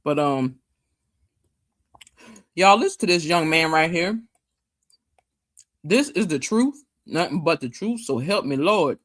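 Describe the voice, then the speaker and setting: A woman's voice: low voice, slow pace, pauses often. A woman hosts a casual livestream, chatting loosely with her viewers. Her voice swings up and down a lot as she talks. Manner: chatty and animated, talking to chat. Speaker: livestream host.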